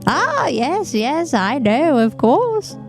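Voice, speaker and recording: A woman's voice: high-pitched, very animated, slow pace, faint music behind, pitched above the performer's own voice, heavily acted. Woman putting on a fond frail old father. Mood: reminiscing. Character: elderly father, fond, frail, absent-minded. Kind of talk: reading game dialogue aloud.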